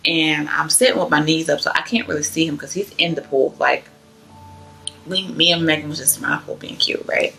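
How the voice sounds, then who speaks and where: A young woman tells her own story in a casual, rambling way. Her voice sits low and carries a gravelly fry. It also has a bright, forward edge. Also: a little fast, soft background music. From Georgia, US. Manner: chatty, loose, many "like" fillers. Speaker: vlogger sharing her testimony.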